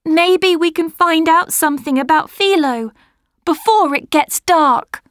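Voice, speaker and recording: A woman's voice: very high voice, a little slow, no room sound, studio quality, voice pushed up. A woman voicing Marcia, a brave but anxious young girl in a storybook, calling out eagerly. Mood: urgent.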